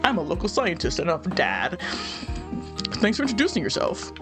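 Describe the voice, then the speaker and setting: A woman's voice: on the low side, huge pitch swings, normal speed, over music, pitched below the performer's own voice. A woman voicing a formal, matter-of-fact middle-aged father and scientist in a video game playthrough.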